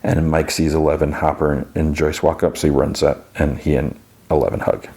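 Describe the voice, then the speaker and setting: A podcast host talks through an episode in a relaxed, rambling way. His voice sits very low, and he leans on fillers and restarts as he retells scene after scene. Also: moderate pace. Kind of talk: casual episode recap.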